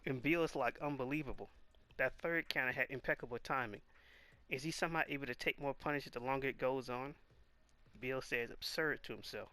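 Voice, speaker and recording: Casual male watch-along narrator, stammers a lot, bright tense tone. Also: mid-range voice, fairly even intonation, a little fast, clear, resonant tone, no echo. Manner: stammering, restarting, reading subtitles aloud. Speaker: video host reacting to a boxing anime.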